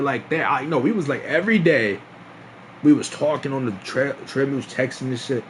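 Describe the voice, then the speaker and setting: A man's voice: medium pitch, moderate pace, slight background noise. A young man streaming, telling a long story in a casual, rambling way, full of slang, swearing and repeated phrases.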